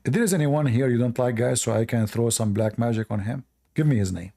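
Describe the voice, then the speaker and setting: Gravelly guy mocking people on a livestream, dark voice, sarcastic. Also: fast. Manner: scornful, sarcastic, drops low at line ends. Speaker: livestream debate host. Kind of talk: mocking live-stream rant.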